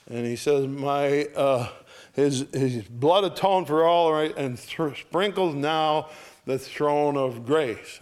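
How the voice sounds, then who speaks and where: A man preaching a sermon in a relaxed, conversational way, lifting his voice on quoted hymn verses and dropping to soft asides. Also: mid-range voice.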